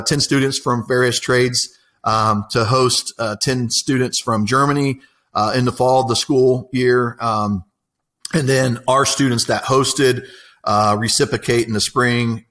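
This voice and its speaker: A man's voice: medium pitch, a bit bright. A man, an apprenticeship coordinator telling stories in a casual, enthusiastic interview, rambling with many fillers.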